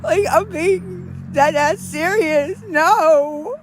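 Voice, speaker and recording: A young woman with a western Pennsylvania accent speaks in a very high voice, crying and pleading through heavy sighs. Her words come slowly and drag. She is cold, outdoors, on a live stream. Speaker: livestreamer.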